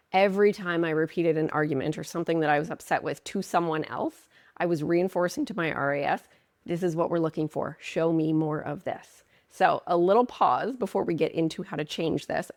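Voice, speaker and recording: Woman relationship coach, slightly low pitch, earnest and emphatic with playful asides, close and dry. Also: no echo. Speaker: marriage coach. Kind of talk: direct-to-camera coaching talk.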